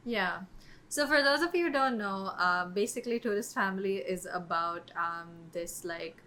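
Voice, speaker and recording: Co-hosting a podcast, this woman talks casually about movies, peppering her speech with "um" and "like." Her medium-pitched voice has lively intonation and a bright, pushed quality, at an ordinary pace.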